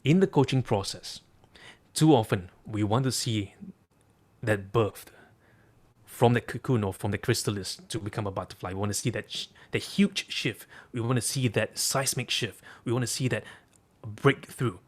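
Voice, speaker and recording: A man's voice: fairly low pitch, moderate pace. Emphatic male coach telling a story. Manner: emphatic, repeating key phrases. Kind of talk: storytelling talk.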